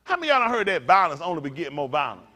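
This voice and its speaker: A man's voice: on the high side, big pitch swings, rapid-fire, bright, forceful tone. A male pastor preaching a fiery sermon, firing blunt, profane rhetorical questions at his congregation with joking asides. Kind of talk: fiery street-talk sermon.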